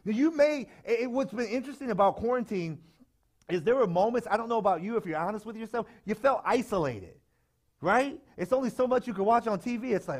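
Animated male preacher. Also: very high-pitched, brisk. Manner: animated, call-and-response preaching with sudden loud shouts. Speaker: pastor. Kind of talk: sermon. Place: church sanctuary with live congregation.

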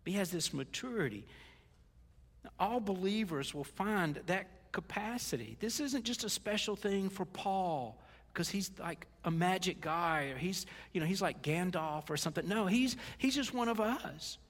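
A man's voice: high voice, expressive, measured pace. An older man preaching a sermon as a pastor, conversational, with stumbles and folksy asides. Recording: reverberant hall.

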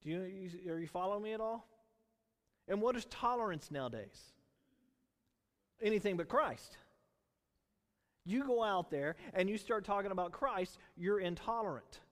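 Pastor, middle-aged man, high voice, chatty animated sermon, church hall reverb. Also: normal speed, long pauses. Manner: conversational, storytelling, animated.

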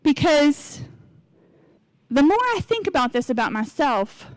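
Chatty, high-voiced woman preaching casually. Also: sing-song, unhurried, no echo. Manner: candid, chatty, confessional, acts out quotes. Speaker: lay preacher. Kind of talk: casual conversational sermon. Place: church.

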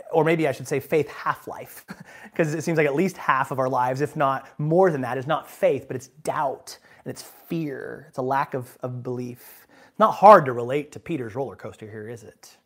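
A man preaching a sermon with lively, emphatic delivery, moving from hushed asides to loud, driving lines. He talks to the congregation like a friend and keeps asking them to agree. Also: fairly high pitch. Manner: animated and emphatic, swinging from quiet asides to loud bursts; conversational, asks the congregation "right?". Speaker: pastor.

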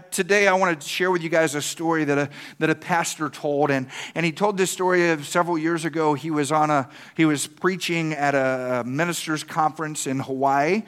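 A man's voice: a little high, fairly even intonation, normal speed, few pauses, a bit bright, clear, resonant tone. A man preaching a sermon as pastor, impassioned, often repeating words and putting questions to the congregation.

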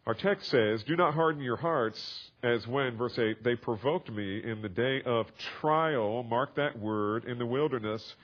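A man delivers an expository sermon in a mid-range voice, walking listeners through a scripture passage. He explains calmly, then builds into emphatic, raised passages. The recording sounds slightly muffled. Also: medium pitch, unhurried, few pauses. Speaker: preacher. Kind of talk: sermon, expository Bible teaching.

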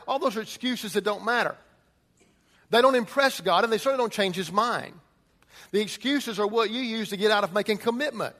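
Male pastor, high voice, emphatic sermon delivery, long hall echo. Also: fairly quick. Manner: emphatic preaching, swings from loud urgency to quiet intensity.

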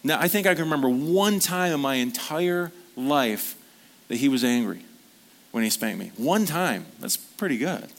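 A man's voice: mid-range voice, animated, normal speed. A man preaching a sermon at a church service, speaking earnestly in a conversational storytelling manner. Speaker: pastor.

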